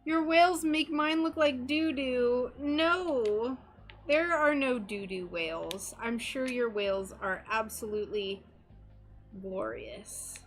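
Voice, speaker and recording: Chatty, giggly high-voiced woman crafting. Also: animated, slow pace, faint music behind. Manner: chatty and giggly, reads out viewer chat. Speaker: stained glass crafter streaming live. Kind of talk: casual live-stream chat while crafting.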